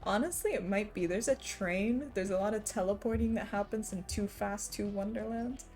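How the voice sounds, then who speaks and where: A woman's voice: mid-range voice, normal speed, a little mellow, soft background music. A young woman livestreaming, chatting casually with her audience and teasing them playfully with frequent giggles.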